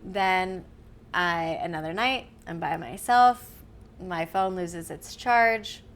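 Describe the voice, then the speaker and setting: A woman, a podcast guest, telling a story in casual chat, animated and laughing often as she acts out what others said. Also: fairly low pitch, slow pace.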